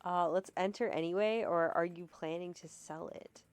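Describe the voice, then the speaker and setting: A woman's voice: lowish voice, normal speed, darkish tone, clean tone. A woman streamer casually live-translating a game, with chatty, laughing asides. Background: game music.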